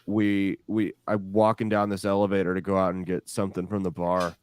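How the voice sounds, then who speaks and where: A man's voice: sits low, completely flat delivery, fairly quick, darkish tone, slight background noise. A man co-hosting a podcast, telling laid-back stories in casual chat, swearing freely and laughing often.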